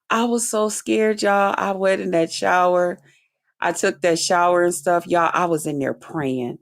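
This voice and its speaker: A woman vlogger telling a personal story straight to her viewers in a blunt, profane, animated way. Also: on the low side, unhurried. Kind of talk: casual storytime monologue to viewers.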